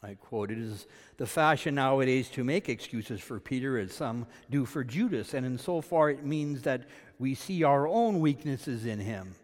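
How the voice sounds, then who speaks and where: A man from Canada preaching a sermon. He swings between loud, emphatic peaks and quiet asides. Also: medium pitch, lively intonation, moderate pace, few pauses, in a large hall. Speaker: pastor.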